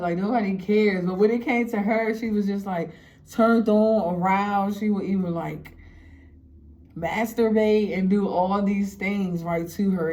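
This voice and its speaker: A young woman telling a story to her viewers in a casual, animated way, laughing often and filling her talk with "like". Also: medium pitch. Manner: animated, laughing, heavy "like" fillers. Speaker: storytime vlogger.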